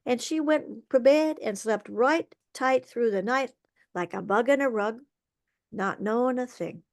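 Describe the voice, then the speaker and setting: A woman storyteller telling a folk tale aloud over a video call, lively and expressive, with vocal sound effects. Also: on the high side, a little slow.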